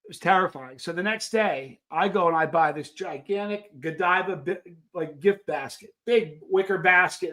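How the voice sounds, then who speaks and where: Middle-aged male stream host, slightly high voice, loose rambling anecdotes full of restarts. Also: a bit bright. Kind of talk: casual storytelling to a live chat.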